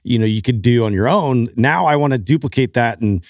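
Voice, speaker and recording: A man's voice: mid-range voice, expressive, a little fast, no room sound. A man hosting a podcast, speaking in a reflective, thoughtful way during casual chat. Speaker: podcast host.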